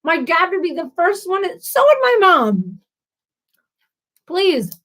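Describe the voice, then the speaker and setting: A woman's voice: very high voice, huge pitch swings, takes it slowly, fairly bright tone, low-quality recording. A woman hosting a casual livestream chat, giggly, rambling and apologetic, a little tipsy from drinks. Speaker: livestream host.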